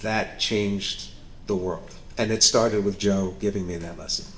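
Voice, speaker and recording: A man, a guest actor and director, telling stories on a festival panel stage, lively and candid, acting out the people he quotes. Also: lowish voice, measured pace, a little hiss or hum. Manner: animated, acts out quotes, candid and self-mocking. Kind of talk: storytelling interview on stage.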